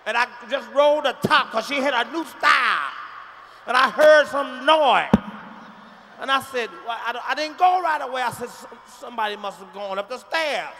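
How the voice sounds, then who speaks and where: Man playing a high, gossipy auntie, shrill and breathless, live hall sound. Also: moderate pace, vocal fry, pauses often, a bit bright, slight background noise, exaggerated voice. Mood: frantic. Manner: repetitive, breathless storytelling. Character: gossipy middle-aged woman relative retelling a death. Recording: live stage show in a large hall.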